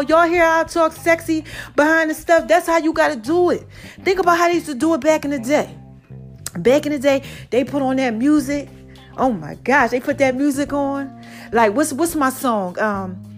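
High-voiced woman podcaster. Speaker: podcast host. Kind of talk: casual motivational monologue.

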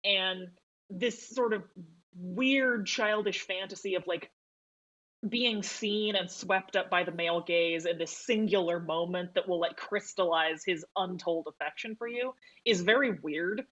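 A woman co-hosting a podcast in casual film talk, chatty and quick to laugh, swearing freely. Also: on the low side, fairly bright tone, highs cut off. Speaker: podcast co-host.

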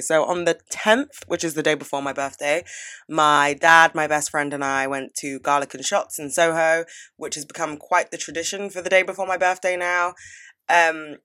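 A woman in her twenties, with a voice still lowered from a recent cold, chatting casually and gushing as she swears freely. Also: fairly bright tone. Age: 20s. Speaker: podcast host. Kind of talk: casual advice and life-update chat.

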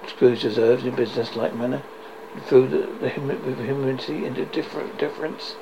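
A man's voice: mid-range voice, fairly even intonation, a little fast, vocal fry, background noise. A man narrating a classic story aloud, stumbling and correcting himself as he reads. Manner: stumbling, self-correcting reading.

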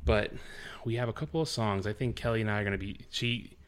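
A man's voice: fairly low pitch, quick pace. Joking man hosting a casual podcast. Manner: joking, teasing. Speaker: podcast host. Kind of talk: casual chat.

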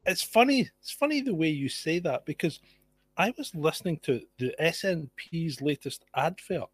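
A man's voice: a little high, animated, moderate pace, slight background noise. A Scottish man chatting casually over a video call, laid-back and wry, swearing now and then. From Scotland. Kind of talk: casual online chat.

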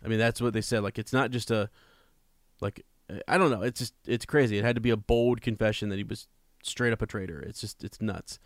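A man's voice: fairly low pitch, fairly quick, no echo, clean studio sound. A man discussing a novel in casual chat, reflective and chatty, reading out passages now and then. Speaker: co-host of a book discussion.

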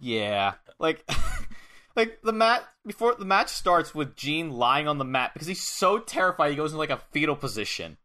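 A man with a bright, fairly high voice talks in an easy, casual chat. He recaps eagerly and laughs often. A lingering cough sits under his talk. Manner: laughing, animated recapping with quick acted-out quotes. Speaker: podcast co-host.

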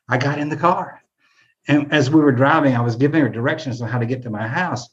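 An older man tells a personal story in a plain, mid-pitched voice. He often stumbles and repeats his words. The recording sounds a little dull and muffled. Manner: halting, repeats words when moved.

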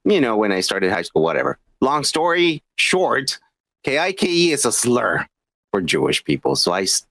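A man co-hosting a casual podcast, talking in a profane, laughing, animated way. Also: medium pitch, normal speed, gravelly, no room sound. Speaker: podcast co-host. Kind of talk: casual drinking chat.

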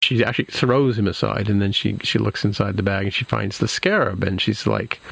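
A man's voice: on the low side, brisk, gravelly, fairly bright tone, breathy edge, low-quality recording. A man casually retelling a show's plot, rambling with lots of fillers and restarts. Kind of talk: casual episode recap.

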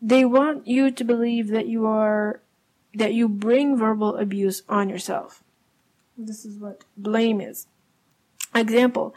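A young woman with a slightly high voice talks through her podcast topic alone. She explains conversationally, with fillers and self-corrections, in a casual solo podcast style. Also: steady tone, slow, a little mellow. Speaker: podcast host.

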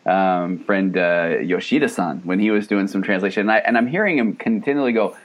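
A man's voice: low-pitched, a little fast. A man hosting a podcast interview, enthusiastic and chatty, often repeating his words as he talks. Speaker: podcast host. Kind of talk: casual interview.

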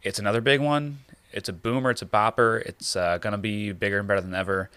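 A man chats on a podcast at a quick clip, his voice bright and forward. He rambles and restarts sentences as he goes, recorded close and dry. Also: on the low side, fairly even intonation, smooth, no room sound. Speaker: podcast co-host. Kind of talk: casual chat.

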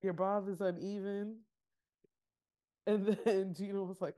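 A woman's voice: mid-range voice, moderate pace. A woman co-hosting a podcast, casually recapping a reality show and acting out what people said, laughing often. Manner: animated storytelling, acting out quotes with laughter. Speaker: podcast co-host.

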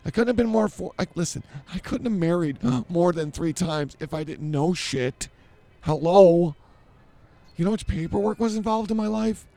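A man's voice: sits high, lively intonation, a little fast, vocal fry, few pauses, a little mellow, dry recording. A man hosting an improvised comedy podcast, blustering and ranting in a mock-authoritative way. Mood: lecturing. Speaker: podcast host.

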